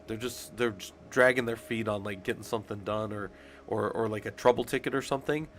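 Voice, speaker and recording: A man's voice: medium pitch, fairly bright tone, a little hiss or hum. A man streaming casually, congested from being sick, rambling and swearing as he talks to his chat. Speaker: streamer talking through job requirements.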